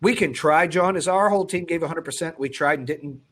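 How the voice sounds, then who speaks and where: A man hosting a podcast, talking bluntly and with profanity, swinging between loud pushes and low, quiet stretches. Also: fairly quick. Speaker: podcast host. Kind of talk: intense motivational podcast talk.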